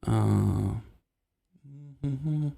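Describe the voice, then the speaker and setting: A man hosting a live stream, calm and easygoing, steering the conversation and reading the chat. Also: on the low side, drawn-out words, creaky. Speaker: stream host.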